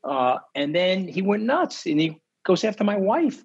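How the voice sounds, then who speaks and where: A man, telling stories in an interview, emphatic and indignant, his pitch leaping high when outraged. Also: big pitch swings, measured pace, breathy edge. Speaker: interview guest. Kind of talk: animated interview storytelling. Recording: slightly dull lo-fi audio.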